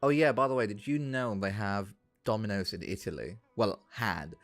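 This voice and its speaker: A young man streaming a game, ranting excitably with heavy swearing. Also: on the low side, normal speed, no room sound, faint music behind. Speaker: gaming streamer. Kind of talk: live-stream rant.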